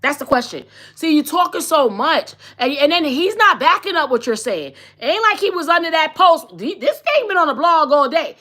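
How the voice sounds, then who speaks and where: A woman's voice: high voice, sing-song, moderate pace, hardly any pauses, sharp tone. A woman in her forties hosting a podcast, giving blunt, sassy, slang-filled gossip commentary in a casual chat. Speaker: podcast host.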